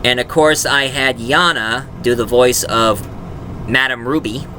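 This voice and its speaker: A man's voice: medium pitch, fairly even intonation, a little slow, background noise. A man who makes audio dramas, talking in a casual, rambling way with frequent fillers and restarts. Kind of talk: casual vlog talk.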